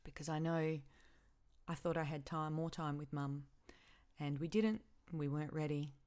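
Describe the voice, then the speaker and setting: A woman hosting her own podcast, speaking haltingly and with feeling as she grieves, often stopping and repeating herself. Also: low voice, steady tone, darkish tone, smooth. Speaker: podcast host. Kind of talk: personal podcast monologue.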